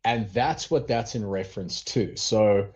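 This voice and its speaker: Rambling through filler-heavy stories, a male co-host talks casually on a wrestling podcast. His voice is on the low side and a little mellow, and he takes his time.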